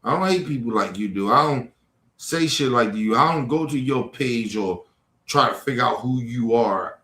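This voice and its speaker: A man's voice: mid-range voice, normal speed, sharp tone. A man hosting a livestream, confronting trolls in the chat in a heated, profane rant. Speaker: livestream host. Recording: echoey room.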